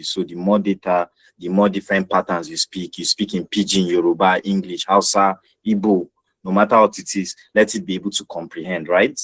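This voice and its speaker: Low-voiced man presenting an online tech workshop, earnest, repeats himself for clarity. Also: no echo, rough recording. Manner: earnest, repeats phrases and checks with listeners. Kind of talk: explaining software in an online workshop. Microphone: video call.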